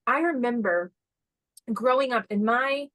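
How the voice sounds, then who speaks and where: A woman in her forties hosting a podcast, talking in a rambling, animated way with quick asides. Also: fairly high pitch, no room sound. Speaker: podcast host. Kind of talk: casual conversational podcast chat.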